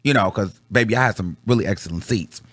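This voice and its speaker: A man telling a story to his viewers in slangy, casual chat, swinging from low mutters to high excited bursts. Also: quick pace, dry recording, studio quality. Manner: slangy, calls the audience girl. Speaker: vlogger reviewing a concert.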